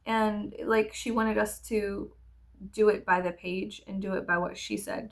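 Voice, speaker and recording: A woman's voice: medium pitch, steady tone, a little slow, creaky. A woman vlogger telling a candid, rambling story in casual get-ready-with-me chat, swearing freely.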